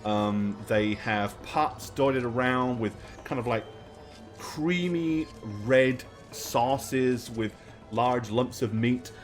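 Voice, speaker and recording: Slow-talking male game master. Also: medium pitch, faint music behind. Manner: slow, descriptive narration with many fillers. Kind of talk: narrating a tabletop game.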